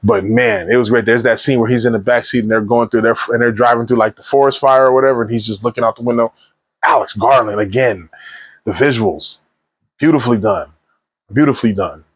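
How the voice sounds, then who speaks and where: Talking fairly quickly with a slightly breathy edge, a man at medium pitch gives a casual spoiler review of a movie. He retells scenes in an animated, rambling way full of slang and restarts, captured in a dry recording.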